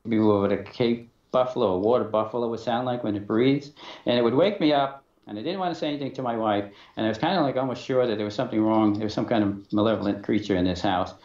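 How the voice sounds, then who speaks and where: A man's voice: on the low side, a little mellow. Hesitant man telling an eerie story. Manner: halting, many fillers and restarts, acts out dialogue. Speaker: interview guest. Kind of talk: telling a personal story in an interview. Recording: dull, roomy sound.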